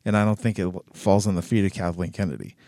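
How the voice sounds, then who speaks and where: A man hosting a casual commentary show in a slightly low voice. He talks loosely, swears and fills his sentences with "you know" and "um". The recording is dry and close. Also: quick pace, warm tone, no echo. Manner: loose and swearing, with many fillers. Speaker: host.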